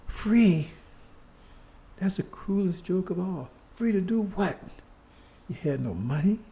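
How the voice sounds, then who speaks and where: Gravelly older man preaching fiercely. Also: on the high side, warm tone, a little hiss or hum. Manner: fiery, repetitive, rhetorical questions, swears. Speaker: speaker on history. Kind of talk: impassioned street-style lecture.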